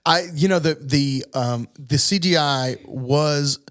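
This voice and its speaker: A man co-hosting a podcast in casual, animated chat with frequent laughs. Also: on the high side, slow pace. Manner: animated, chatty, laughs often. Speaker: podcast co-host.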